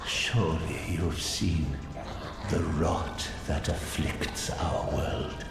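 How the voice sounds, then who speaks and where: Brief: a hushed, gravelly, very low game villager, slow and begging, echoey with music. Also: male voice, exaggerated voice. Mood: pleading. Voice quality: whispery, gravelly. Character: desperate whispering rot-afflicted male villager pleading for fire. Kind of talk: video game voice acting.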